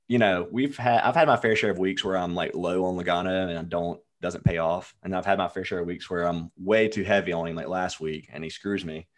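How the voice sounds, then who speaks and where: A man with a very deep voice co-hosting a racing betting podcast. He chats in a loose, laid-back way, answering listener calls. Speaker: podcast co-host. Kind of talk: casual sports betting chat.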